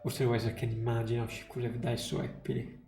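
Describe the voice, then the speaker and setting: A man voicing a quick-tempered male doctor who talks sharply. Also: mid-range voice, little pitch movement, creaky, natural voice. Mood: puzzled. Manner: sharp, scolding. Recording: roomy echo, faint music.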